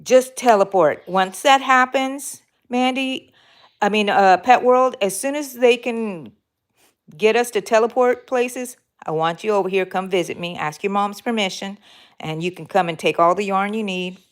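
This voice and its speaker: A woman's voice: medium pitch, normal speed. A woman hosting a crochet live stream, chatting casually and answering viewer comments while she crochets, rambling with fillers and self-corrections. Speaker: crochet livestream host.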